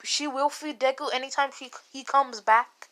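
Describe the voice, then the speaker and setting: A woman's voice: high voice, steady tone, normal speed, fairly bright tone. A woman casually retelling a made-up fan story, rambling and swearing, with many restarts. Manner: rambling and profane, full of restarts and "like".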